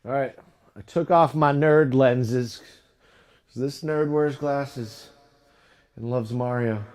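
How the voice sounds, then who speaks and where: A man's voice: mid-range voice, takes it slowly, a little mellow. A man streaming from his home studio, chatting casually and rambling as he jokes at his own expense. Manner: rambling, self-mocking, repeats tongue twisters. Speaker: streamer making music. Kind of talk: casual livestream chat.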